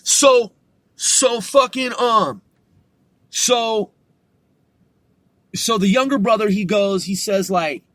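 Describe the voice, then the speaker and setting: A man's voice: high-pitched, takes it slowly, pauses often, a bit bright, no room sound. A man hosting a podcast, telling a story in a rambling, profane way with many restarts. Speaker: podcast host.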